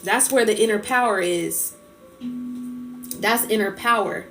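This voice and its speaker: A woman's voice: mid-range voice, slow, over music. A woman speaking in on a casual livestream, preaching about emotions in an impassioned way and repeating her phrases. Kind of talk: casual live-stream talk.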